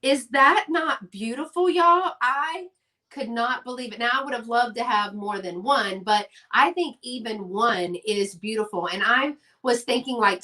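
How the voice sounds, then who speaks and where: A woman's voice: on the high side, pushed and bright. A woman hosting a casual live-stream sale, chatty and gushing over her items.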